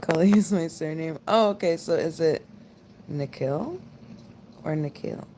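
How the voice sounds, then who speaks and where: Her voice sits low and moves briskly over background noise. She's a twenty-something US woman hosting a late-night stream, casually rambling with viewers and filling her speech with "like."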